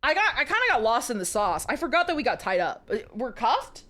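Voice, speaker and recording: A woman's voice: a little high, big pitch swings, a little fast, a bit bright. A young woman streaming live, reading a romance novel aloud to her chat with giggly, chatty asides.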